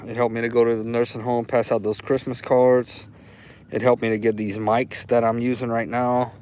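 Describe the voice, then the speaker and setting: A man's voice: medium pitch, flat delivery, normal speed, a little mellow, slight background noise, rough recording. A man from Louisiana with a Louisiana accent, hosting a casual livestream, rambling and heartfelt, repeating himself as he talks. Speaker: livestream host. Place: outdoors.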